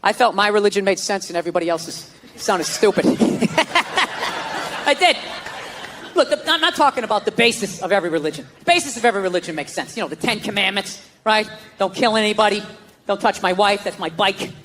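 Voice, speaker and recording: A man's voice: high-pitched, expressive, fairly quick, very noisy. A man doing a profane, exasperated stand-up comedy rant on a theater stage. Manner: ranting, profane, exasperated storytelling. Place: theater stage before a live audience. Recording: long hall reverb, faint ambience.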